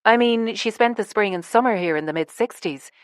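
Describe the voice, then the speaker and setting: A woman's voice: mid-range voice, fairly quick, clear, resonant tone, dry recording, studio quality, natural voice. A woman narrator voicing an earnest, slightly nervous woman in an audiobook.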